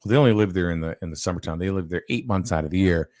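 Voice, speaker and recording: A man hosts a casual chat, spinning a long story full of fillers and restarts, rambling as he goes. His voice sits low and a little mellow, and he talks at a racing clip. There's no room sound.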